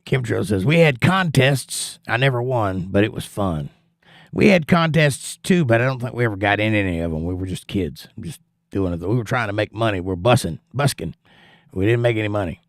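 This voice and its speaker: Low-voiced and brisk, this livestream host from Georgia chats casually, reading out viewer comments and telling folksy, jokey stories. The sound is studio quality with no echo.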